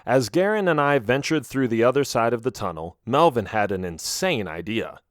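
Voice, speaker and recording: A man narrating an audiobook adventure in the first person, with expressive storytelling. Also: medium pitch, moderate pace, no echo, studio quality.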